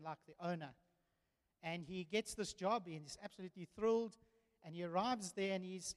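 High-voiced preacher in a reverberant hall. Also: male voice. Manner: earnest storytelling preacher, rising to emphatic declarations. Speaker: pastor. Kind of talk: sermon. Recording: long church reverb.

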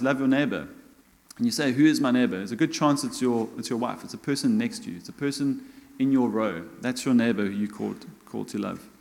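A middle-aged man with a South African accent delivers a relaxed, chatty sermon, with a self-mocking humor. His voice sits at an ordinary pitch for a man. A long reverb trails after each phrase, as in a church hall. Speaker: church elder preaching.

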